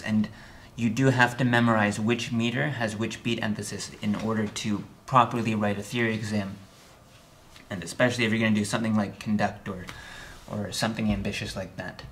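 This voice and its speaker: A man teaching a music theory lesson, chatty and a little wry, often checking in with the viewer and counting beats out loud with hard accents on the downbeat. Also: lowish voice, level tone, normal speed, slight background noise. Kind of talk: recorded video lesson.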